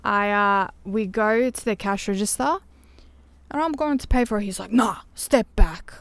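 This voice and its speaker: A woman's voice: mid-range voice, moderate pace, smooth, no room sound. A woman, a podcast guest chatting casually and telling a story, acting out what others said. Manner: animated, acts out quotes of others. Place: caravan music studio.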